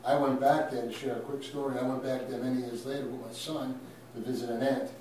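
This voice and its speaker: A man's voice: medium pitch, level tone, quick pace, far from the mic. A man from Brooklyn tells a story with punchy emphasis. His voice sits back from the mic in a very echoey room. A faint hiss of noise sits under it. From Brooklyn, New York. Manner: emphatic, punchy, builds to loud peaks. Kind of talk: animated storytelling.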